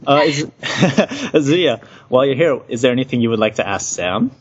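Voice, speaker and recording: A man's voice: medium pitch, big pitch swings, normal speed, breathy edge. A young man hosting a casual podcast, hesitant with many ums and laughing often. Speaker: podcast host. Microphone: online voice call. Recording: dull lo-fi call audio.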